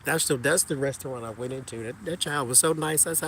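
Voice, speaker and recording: A man casually chatting with his viewers while walking outside, animated and joking, talking to them as "y'all". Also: mid-range voice, fast talker, background noise. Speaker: tarot reader chatting with live viewers.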